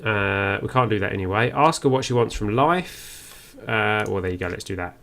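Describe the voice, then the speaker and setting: Gravelly man musing through a game. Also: fairly low pitch, normal speed, fairly bright tone. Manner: musing, reads on-screen text aloud. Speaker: game streamer. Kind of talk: first-play commentary.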